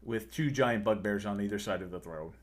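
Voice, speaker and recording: A man narrating a tabletop game as game master, laughing often and pausing with fillers as he describes the scene. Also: lowish voice.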